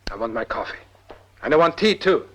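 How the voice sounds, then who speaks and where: An actor playing a middle-aged industrialist in a film drama, mocking and irreverent, snapping orders in between jokes. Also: male voice, mid-range voice, big pitch swings, a little fast, fairly bright tone, dull audio. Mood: commanding. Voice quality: wry and mocking, abruptly commanding. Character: sardonic, irreverent, paranoid rich old man. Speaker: rich industrialist.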